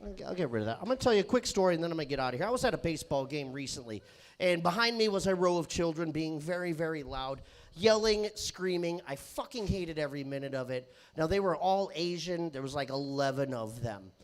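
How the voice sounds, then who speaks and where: A male comedian with a high, wildly swinging voice doing a stand-up set. He rambles, swears, and sometimes bursts into shouting on a handheld mic in a comedy club. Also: animated, fast. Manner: crude, rambling, self-interrupting.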